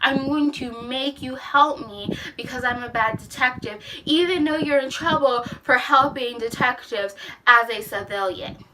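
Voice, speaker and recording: A woman's voice: sits high, measured pace, recorded from a distance, background noise. A woman mocking a rude, bossy lady detective. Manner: snide, mocking. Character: snippy female police detective, rude and bossy.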